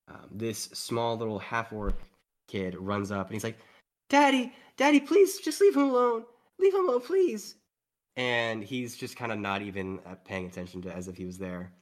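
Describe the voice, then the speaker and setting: A man narrates as game master of a tabletop game in a rambling, filler-heavy way. His voice sits fairly low, and he describes the scene casually as he goes. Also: fairly bright tone. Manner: rambling, lots of "like" and "um".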